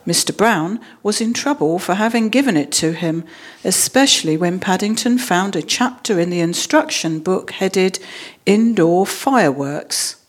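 A woman's voice: mid-range voice, expressive, a little slow. Woman reading a storybook aloud.

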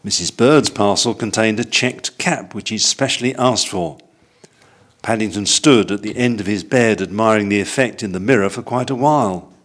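A man reading a children's storybook aloud, calm and measured. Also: fairly low pitch.

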